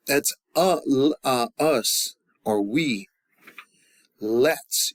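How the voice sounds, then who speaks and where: A man teaching a language class, leading the students through call-and-response drills and pausing often with fillers and restarts. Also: mid-range voice, dry recording. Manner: halting, with many fillers and restarts. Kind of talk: classroom grammar lesson.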